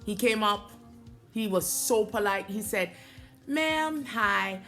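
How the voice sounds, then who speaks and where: A woman's voice: mid-range voice, level tone, measured pace, soft background music. Earnest American woman vlogging to camera. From United States. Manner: earnest, emphatic storytelling. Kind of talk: casual vlog talk to camera.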